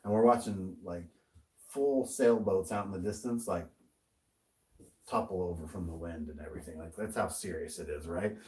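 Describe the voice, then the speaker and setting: A man's voice: low-pitched, normal speed, warm tone, far from the mic, poor audio. A man co-hosting a podcast, telling a story in casual chat, swearing often and laughing as he goes. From American. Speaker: podcast co-host.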